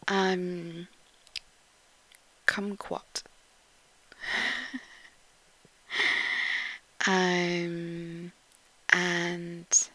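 A woman from Yorkshire with a posh English accent, chatting in a casual audio post and reading out word lists, often dropping to a soft whisper and giggling between words. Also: lowish voice, fairly even intonation, extremely slow, pauses often, low-quality recording. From Yorkshire, England. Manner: giggly, with frequent ums.

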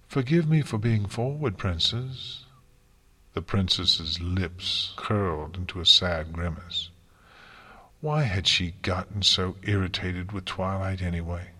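A man reads a story aloud in a slow, even storytelling manner. His voice sits low and husky, with a tense, bright edge. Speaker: narrator. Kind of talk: storybook reading.

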